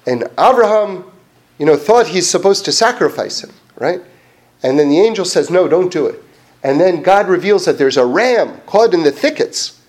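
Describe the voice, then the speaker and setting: A man giving a casual Torah class, animated and chatty, full of fillers and restarts. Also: fairly high pitch. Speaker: Torah teacher.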